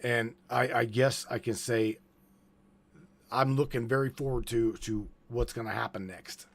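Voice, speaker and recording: A man hosting a live broadcast, talking casually in halting bursts with many restarts, and getting worked up. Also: mid-range voice, vocal fry. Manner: halting, stammers and restarts, grows excitable. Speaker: host.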